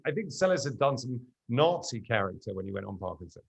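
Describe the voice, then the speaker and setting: A middle-aged man, a guest in a casual conversation, telling lively anecdotes. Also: medium pitch, quick pace, creaky, few pauses.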